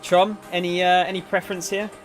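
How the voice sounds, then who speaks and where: A man's voice: high voice, flat delivery, a little fast, soft background music. A man casually commenting while streaming a story game, jokey and chatty, asking viewers to pick. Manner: chatty, jokey, asks chat for input. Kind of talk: casual let's-play commentary.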